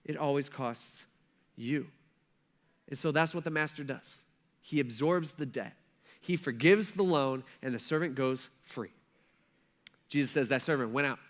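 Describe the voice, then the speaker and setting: A man's voice: on the high side, a bit bright. A male pastor preaching a sermon in a conversational, emphatic way, often checking in with his listeners.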